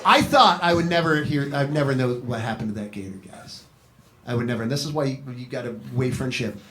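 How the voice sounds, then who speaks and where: A man's voice: mid-range voice, fairly quick. A man doing comedic storytelling on a live advice panel, profane and rambling, swinging his voice up and down as he keeps turning to the person asking. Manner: profane, rambling, animated storyteller who keeps addressing the asker. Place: comedy venue with live audience. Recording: live show with audience laughter. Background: crowd laughing.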